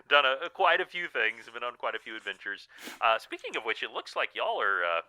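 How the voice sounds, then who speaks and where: Guy doing a chatty old ghost wizard, pleased with himself, bright voice, dry sound. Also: mid-range voice, very animated, normal speed, dry recording, poor audio. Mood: cheerful. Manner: chatty and self-satisfied. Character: cheerful ghostly old male wizard, famous and showy.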